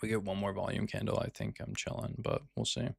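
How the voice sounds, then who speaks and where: A man's voice: lowish voice, little pitch movement, brisk, vocal fry, darkish tone, breathy edge, no echo, clean studio sound. A man giving casual live commentary on his day trades, laid-back and swearing freely as he talks with fellow traders.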